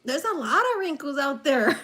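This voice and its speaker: Woman livestream host with a high voice, playful and teasing with viewers, laughing often, phone on a table. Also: fairly bright tone. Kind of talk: casual livestream chat with viewers. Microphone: phone lying on a table.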